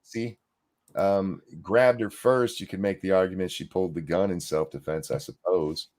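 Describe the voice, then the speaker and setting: A man co-hosting a podcast, reading news articles aloud in a deadpan way and breaking off for dry asides. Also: sits low, moderate pace. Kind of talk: casual news commentary.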